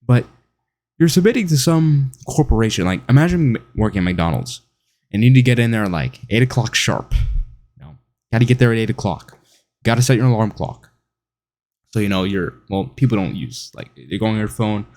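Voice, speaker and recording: Low, mellow-voiced man ranting. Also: expressive, fairly quick. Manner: opinionated, mocking, mimics people in whiny voices. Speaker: online commentator. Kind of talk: monologue to camera.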